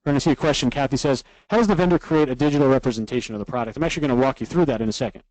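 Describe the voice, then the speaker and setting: Upbeat instructor who keeps asking "right?". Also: male voice, medium pitch, racing, darkish tone, no room sound, rough recording. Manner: repeats "right?" after nearly every point, upbeat and instructive; reads out viewer comments from a live chat. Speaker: online course instructor. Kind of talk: live webinar teaching.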